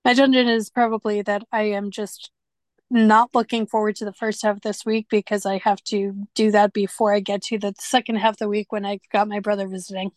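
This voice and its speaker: A woman co-hosting a podcast in casual chat, talkative and quick to laugh. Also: medium pitch, level tone, dry recording. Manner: chatty, laughs easily. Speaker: podcast co-host.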